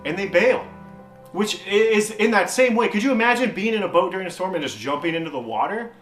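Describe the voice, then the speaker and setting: Young guy doing a youth sermon, high-ish voice, chatty, echoey room w/ faint music. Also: brisk. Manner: animated, acts out quoted voices, frequent "man" and "like". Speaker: youth pastor. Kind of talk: casual youth sermon with storytelling.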